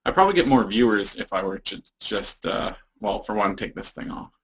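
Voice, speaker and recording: A man's voice: on the low side, lively intonation, fairly quick, breathy edge. A young man chatting casually on a live stream, rambling and goofy, slipping into silly voices now and then. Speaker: vlogger. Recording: dull lo-fi webcam audio.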